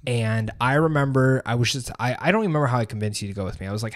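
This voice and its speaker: A man's voice: medium pitch, expressive, racing. A man co-hosting a podcast in casual chat, earnest and emotional, swearing freely. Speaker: podcast co-host.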